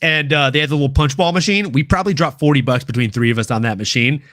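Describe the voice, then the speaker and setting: A man hosting a casual livestream talk show, excitable and laughing often, swearing freely as he chats. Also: mid-range voice, fast. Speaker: podcast host.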